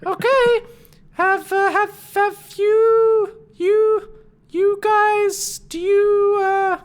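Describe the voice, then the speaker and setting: A game master voicing Flea, a meek little male creature who loves mild things, in a very high, halting voice. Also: fairly even intonation, heavily acted. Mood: flustered. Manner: squeaky, halting, stammering sales pitch.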